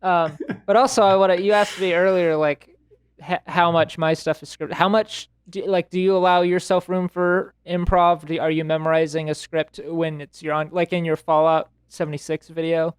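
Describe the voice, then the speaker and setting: A man's voice: a little high, level tone, normal speed, clear, resonant tone, no room sound, studio quality. A young man hosting a podcast in casual chat, rambling with frequent restarts and self-interruptions. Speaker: podcast host.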